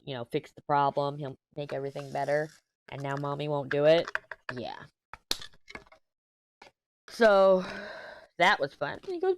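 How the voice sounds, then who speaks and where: Diamond painting as she talks, a crafting channel host in her 30s rambles casually through a story and keeps correcting herself. She has a deep voice, and slight background noise can be heard.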